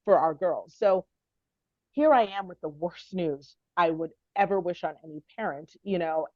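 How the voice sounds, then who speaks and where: A woman guest on a podcast interview, telling a personal family story in an earnest, heartfelt, halting way. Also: on the low side, a little mellow, no echo, highs cut off.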